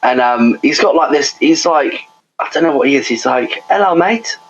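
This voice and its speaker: A man's voice: medium pitch, moderate pace, highs cut off, soft background music. A young man, co-hosting a podcast in casual chat, rambling and laughing with lots of fillers. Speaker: podcast co-host.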